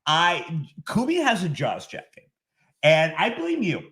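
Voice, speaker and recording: A man's voice: on the high side, huge pitch swings, a little slow, fairly bright tone. A man, a stand-up comedian guest, telling a rambling, self-deprecating story in casual podcast banter.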